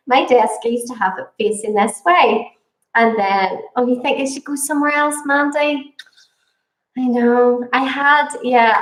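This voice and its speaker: A middle-aged woman chatting casually on a livestream, greeting viewers by name and laughing often. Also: a little high. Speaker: cake decorating vlogger. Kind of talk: casual live chat. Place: home room with windows. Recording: echoey room.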